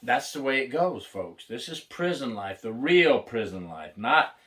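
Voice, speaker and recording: A man's voice: medium pitch, very animated, unhurried, a bit bright. An older retired corrections officer, a man, telling blunt, wry stories about prison life in a casual, plainspoken way. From United States. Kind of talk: casual storytelling to camera.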